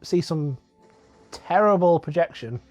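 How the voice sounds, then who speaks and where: Lively, joking man on commentary. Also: on the high side, a little slow, no room sound, soft background music. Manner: joking, often laughing, stops and restarts a lot. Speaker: co-host of a film commentary. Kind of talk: casual film commentary. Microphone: wired microphone.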